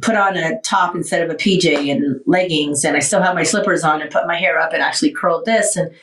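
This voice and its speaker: Low-pitched and a bit bright, the talk show host speaks fairly quickly as she candidly and animatedly recounts her recovery, worn out following surgery. The chat is casual, and she's far from the mic, so the audio sounds roomy and off-mic.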